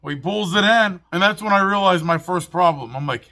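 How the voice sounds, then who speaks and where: A mobile mechanic telling his own story to camera in an animated, profane, self-mocking way. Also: sits high, brisk.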